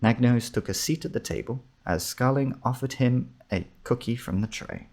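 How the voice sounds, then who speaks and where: A man narrating a comic fantasy story in a steady, measured reading. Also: mid-range voice.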